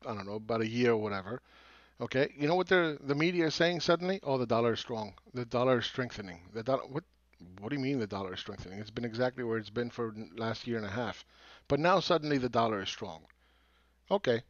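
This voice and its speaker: A man's voice: mid-range voice, no echo. A man hosting market commentary, ranting in a mocking, profane and emphatic way. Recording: dull lo-fi dry sound.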